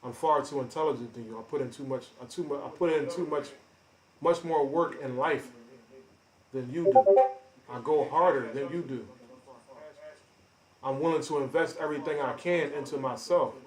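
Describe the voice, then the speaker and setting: A man's voice: mid-range voice, moderate pace, long pauses. Boastful man ranting on a live stream. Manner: confrontational, boastful, calls out chat by name. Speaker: livestreamer. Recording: roomy echo.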